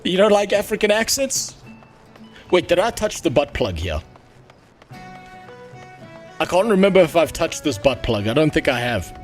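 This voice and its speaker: A man's voice: fairly high pitch, very animated, moderate pace, pauses often, faint music behind. A man streaming a game, talking casually to himself and his chat, grumbling and swearing constantly. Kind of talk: casual gameplay commentary. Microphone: headset.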